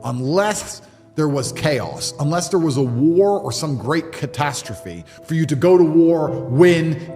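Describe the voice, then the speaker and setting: Man in his thirties, blunt and lecturing, big swings in pitch, slightly high voice, long reverb tail with music bed underneath. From England. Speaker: podcast guest. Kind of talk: motivational monologue.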